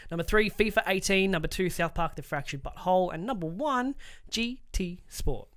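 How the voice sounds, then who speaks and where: A man's voice: sits high, animated, moderate pace, fairly bright tone. A man in his thirties co-hosting a casual gaming podcast, swearing freely as he runs through the news. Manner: swears freely, reads news lists aloud. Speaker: podcast co-host.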